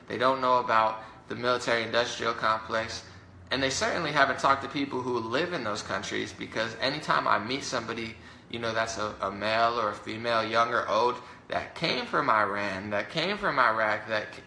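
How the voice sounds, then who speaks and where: Speaking fast and indignantly, a male political commentator delivers a heated rant to camera, his mid-range voice gravelly, forceful, and sharply bright. He piles on fillers and mocks his opponents by imitating them in put-on voices. The room sounds roomy and echoey, with a little hiss or hum.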